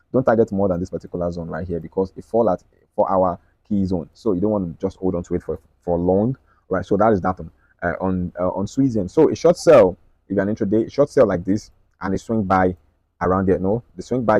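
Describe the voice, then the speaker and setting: A man walking viewers through his market analysis on screen, talking quickly and checking in with them often. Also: lowish voice, darkish tone, no echo, highs cut off. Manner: rapid, repetitive, checks in with "right?" and "okay?". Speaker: trading analyst.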